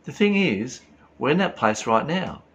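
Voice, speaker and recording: Man giving gravelly spiritual talk. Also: medium pitch, very animated, unhurried, fairly bright tone, highs cut off, a little hiss or hum. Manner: earnest, rhetorical questions, tells anecdotes. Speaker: spiritual teacher.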